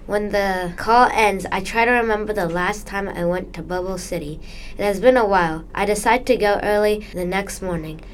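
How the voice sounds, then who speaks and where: A young girl reads her own children's story aloud, earnest and careful. Her voice sits in an ordinary middle pitch. The delivery is plain storytelling. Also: moderate pace, a little hiss or hum. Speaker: student author reading own story.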